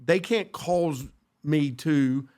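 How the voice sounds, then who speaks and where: A man's voice: on the high side, very slow, a little mellow. Earnest man quoting scripture. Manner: earnest, many restarts and scripture quotes. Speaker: church podcast co-host. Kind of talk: casual faith discussion.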